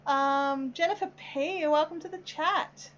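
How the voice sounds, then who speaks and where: At a measured pace, a high-pitched Australian woman with a fairly bright tone hosts a laid-back live craft stream, chatting and rambling as she works, reading out what viewers write and often saying "um." The sound quality is lo-fi.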